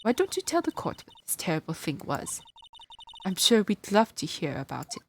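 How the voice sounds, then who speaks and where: A woman's voice: lowish voice, wildly swooping pitch, normal speed, vocal fry, slight background noise, exaggerated voice. A woman voicing a smug, condescending prosecutor in a video game. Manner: condescending, commanding.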